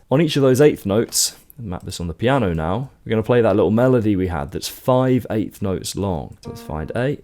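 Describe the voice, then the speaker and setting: A man's voice: fairly low pitch, animated, normal speed, hardly any pauses. A man from the United Kingdom teaching a songwriting lesson in a casual, step-by-step way, counting beats aloud. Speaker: music teacher. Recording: faint guitar and music behind.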